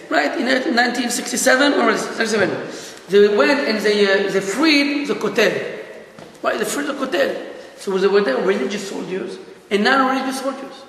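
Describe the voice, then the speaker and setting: A male rabbi teaching a lively class, animated and laughing often as he questions his listeners. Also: high voice, creaky. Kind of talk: lively Torah lesson. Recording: echoey hall.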